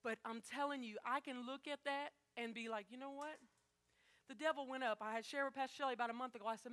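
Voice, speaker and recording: A woman's voice: high-pitched, steady tone, fast talker, a bit bright. A woman preaching a sermon, talking straight to her congregation in an emphatic, conversational way.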